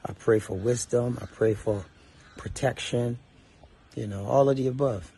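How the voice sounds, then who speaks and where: A man's voice: medium pitch, unhurried, dark tone, a little hiss or hum. A middle-aged Ghanaian man with a Ghanaian accent delivers a heated, profane social media rant to his fans. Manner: angry, profane, switching between English and Twi. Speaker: entertainer addressing fans.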